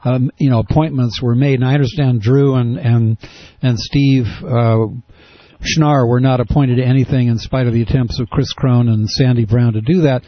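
A man's voice: medium pitch, steady tone, normal speed, no room sound. A man hosting a radio show, asking questions in a casual, probing way with many restarts. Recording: dull, lo-fi radio audio.

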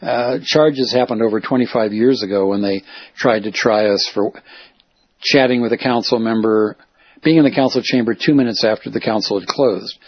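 Male reporter-activist, rambling monologue, husky, dull lo-fi audio. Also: on the low side, normal speed, dry recording. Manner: rambling, digressive, self-correcting. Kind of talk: casual spoken monologue.

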